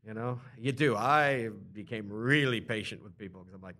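A chatty man of middle pitch tells stories in casual conversation. He slips into quick impressions of other people and laughs often as he talks. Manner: animated storyteller, mimics others in put-on voices; laughs often while talking. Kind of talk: casual chat.

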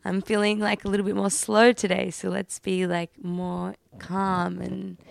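An Australian woman guest on a podcast, speaking softly and reflectively in casual chat. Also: medium pitch, level tone, measured pace, gravelly, no echo. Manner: soft, reflective, laughs easily.

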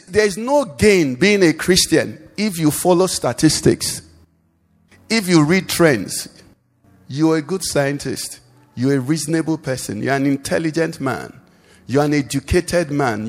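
A male pastor delivers a sermon at a deliberate, unhurried pace, pitched a little high for a man. He keeps throwing questions to the congregation and waiting for them to finish his sentences. The sound carries the long reverb of a large hall. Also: lively intonation. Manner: preaching with call-and-response questions to the congregation. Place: church service.

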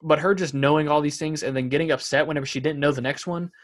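A man's voice: fairly high pitch, steady tone, fast. A man co-hosts a laid-back podcast, chatting about a show with his co-host. He reads out favorite lines in a casual, amused way and laughs as he goes. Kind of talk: casual chat.

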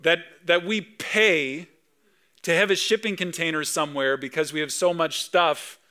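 A Canadian pastor in his thirties delivers a sermon at normal speed in a high, bright voice. His style is conversational and story-driven, and he grows animated at key moments.

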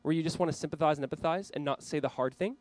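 Male pastor, earnest preacher, slightly high voice, dry close sound. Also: racing, a little mellow, no room sound, rough recording. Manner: earnest, urging the listeners directly. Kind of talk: sermon. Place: church, speaking to a camera for online viewers.

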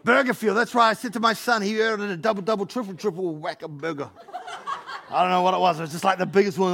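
A man preaching a sermon as pastor, animated, acting out Bible figures and joking with the congregation. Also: sits high, quick pace, vocal fry, slight background noise. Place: church hall.

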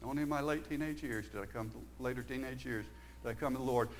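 Earnest older preacher. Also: male voice, medium pitch, fast talker. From Southern United States. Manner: earnest, swings from emphatic to hushed. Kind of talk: sermon.

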